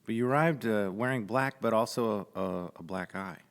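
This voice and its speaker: A man hosting a casual interview podcast, halting and searching for words as he asks questions. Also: on the low side, clean tone, long reverb tail. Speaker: podcast host and photographer. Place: studio.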